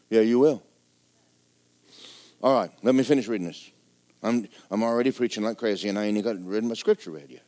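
A middle-aged man preaching a folksy, joking sermon in a church, swinging between loud exhortation and quiet asides. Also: on the low side, brisk, pauses often. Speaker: pastor.

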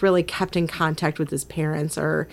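A young woman co-hosting a podcast, talking about a film in an eager, gushing way and quickly agreeing. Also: sits low, level tone, creaky. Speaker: podcast co-host. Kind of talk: casual film review chat.

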